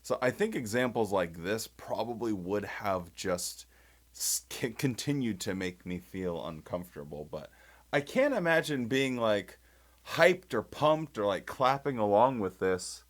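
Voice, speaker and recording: A man's voice: fairly low pitch, a little slow. A young man giving casual commentary, sarcastic and mocking, often laughing and breaking off mid-thought. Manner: sarcastic, animated, laughing mockery. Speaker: video commentator.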